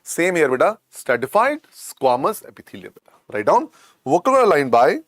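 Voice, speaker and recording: A man's voice: a little high, very animated, moderate pace, fairly bright tone, no echo, clean studio sound. A middle-aged man with an Indian accent teaching a medical exam class, repeating key points and coaxing students as "beta". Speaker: medical lecturer. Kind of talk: exam coaching lecture.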